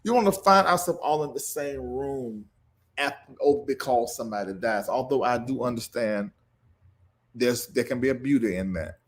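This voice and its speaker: This livestream host is a man speaking at normal speed in an animated, medium-pitched voice. Emotional and preacher-like, he laughs through grief while greeting viewers and reading their comments aloud.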